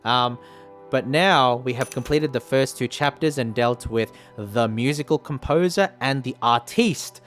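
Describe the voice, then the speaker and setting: A man's voice: mid-range voice, a little slow, fairly bright tone, faint music behind. A man streaming a story game, chatting casually, laughing often and joking about his own voices. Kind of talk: casual live-stream chat.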